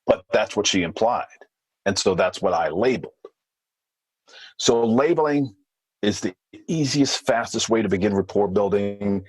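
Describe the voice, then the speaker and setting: A man being interviewed as a former hostage negotiator, explaining in a measured way with thinking fillers. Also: lowish voice, lively intonation, husky, dry recording, poor audio. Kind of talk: podcast interview.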